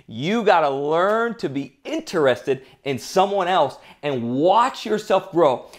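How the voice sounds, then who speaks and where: A man hosting a podcast who gives an earnest, emphatic motivational talk and tells anecdotes. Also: high voice. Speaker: podcast host.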